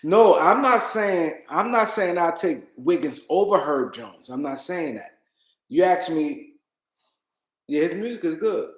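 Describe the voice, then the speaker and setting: A man's voice: on the high side, expressive, a little slow, roomy sound, rough recording. A tired man hosting a casual livestream, rambling and repeating himself as he talks to his chat. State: tired, yawning. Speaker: livestream host.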